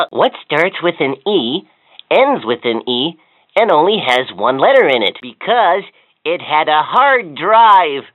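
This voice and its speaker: A woman's voice: fairly low pitch, very animated, slow, no room sound. A woman voicing a cheerful, chatty talking learning toy, with encouraging, giggly, joke-telling lines. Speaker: voice of a children's educational toy. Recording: tinny, dry toy speaker audio.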